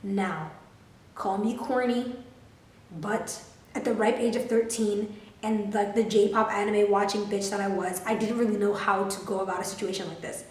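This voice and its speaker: A woman in her twenties telling a storytime to her camera, animated, profane and full of "like" fillers. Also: medium pitch, moderate pace, far from the mic. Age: 20s. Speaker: vlogger. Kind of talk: storytime vlog. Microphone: camera filming herself. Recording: roomy, mic set back.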